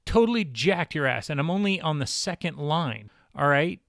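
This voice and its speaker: A man's voice: a little high, expressive, moderate pace, gravelly, few pauses, fairly bright tone, no echo, clean studio sound. A man talking in a casual instructional vlog about diet, emphatic, exasperated and blunt. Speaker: keto diet vlogger.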